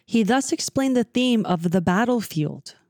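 Calm reflective woman. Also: fairly high pitch, unhurried, dry recording, studio quality. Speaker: discussion group member. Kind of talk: casual religious study chat.

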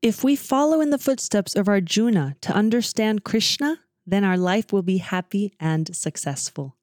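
A woman in a casual scripture study chat who speaks calmly and reflectively. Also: mid-range voice, normal speed, no room sound, studio quality. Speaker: discussion group member.

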